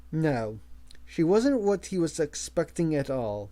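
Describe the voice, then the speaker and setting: A man reading a novel aloud as an amateur audiobook narrator, measured, with small slips and restarts. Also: a little high, very animated, mellow. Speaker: audiobook reader.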